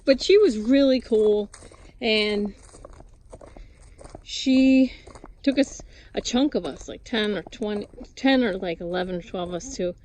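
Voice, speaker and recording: A woman's voice: medium pitch, unhurried, darkish tone, slight background noise. Rambling chatty woman outdoors. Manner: rambling, chatty, restarts and asides to animals. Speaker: vlogger. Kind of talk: casual storytelling while doing farm chores. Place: outdoors at a farm with goats and chickens.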